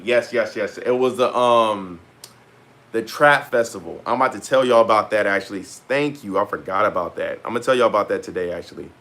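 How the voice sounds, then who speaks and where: A man's voice: lowish voice, a bit bright. Loose, rambling man vlogging. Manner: loose, rambling, slangy, many pauses. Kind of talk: casual talk to camera.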